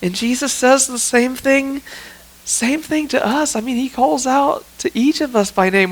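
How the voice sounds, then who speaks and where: A man's voice: high-pitched, low-quality recording. A male pastor preaching a sermon in a church, in an earnest, conversational way that often leans on "I mean" and "you know what.". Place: church sanctuary.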